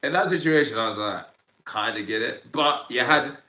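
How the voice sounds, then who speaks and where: A man in his thirties, a podcast guest, telling a story in an animated, slangy way with lots of fillers. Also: medium pitch, normal speed, echoey room, low-quality recording. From Sudan, raised in Ireland. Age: 30s. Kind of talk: casual storytelling interview.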